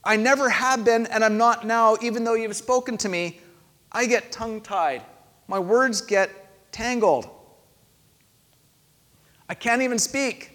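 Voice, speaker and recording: A man's voice: very high voice, unhurried, pauses often, a bit bright. A man voicing an anxious, doubting prophet who pleads and stumbles over his words, in a sermon. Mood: pleading. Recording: long hall reverb.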